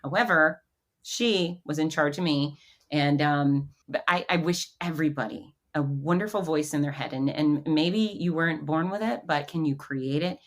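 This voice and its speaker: A middle-aged woman as a podcast guest, telling a personal story in a lively way and acting out the voices of others. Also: sits low, moderate pace. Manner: animated storyteller who acts out quotes.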